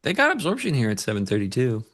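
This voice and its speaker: A man's voice: medium pitch, huge pitch swings, fast, a bit bright. A man co-hosting a live trading stream in casual banter, joking and playful, fond of dad jokes. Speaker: co-host and futures trader.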